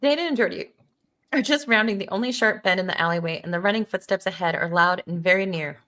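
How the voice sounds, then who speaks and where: A woman's voice: medium pitch, quick pace, fairly bright tone. A woman hosting a live stream, reading stage directions in a playful, giggly way. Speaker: stream host and narrator. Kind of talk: live table read narration.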